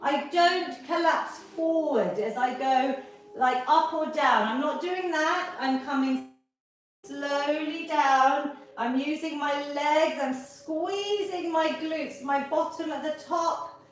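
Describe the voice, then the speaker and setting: A woman's voice: high-pitched, slow pace. Upbeat woman coaching a workout class. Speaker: fitness instructor. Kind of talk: live online exercise class. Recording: echoey room from far off.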